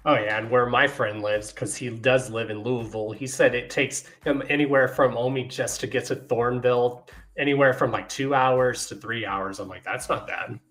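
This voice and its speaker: A man's voice: mid-range voice, moderate pace, hardly any pauses. A man hosting a podcast, telling stories with acted-out quotes and frequent laughter. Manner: animated storyteller, acts out quotes, laughs often. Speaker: podcast host. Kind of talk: casual chat.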